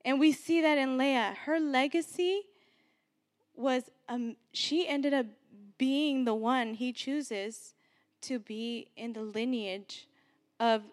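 A woman preacher delivers an earnest sermon in a high voice, taking her time over each phrase. She leans on repetition to drive her points home, and a long hall reverb trails after her words. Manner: earnest, exhorting, repeats key phrases.

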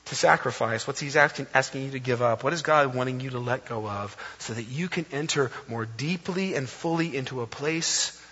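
A man in his thirties preaching a sermon as a pastor, telling stories in an animated way and acting out quotes playfully. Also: medium pitch, moderate pace, hardly any pauses, breathy edge. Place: church sanctuary. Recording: dull, long reverb of a church hall.

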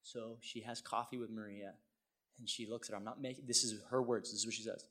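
A middle-aged male pastor telling a personal story in a sermon, swinging from hushed tones to loud exclaims. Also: fairly low pitch, fairly even intonation, fast talker.

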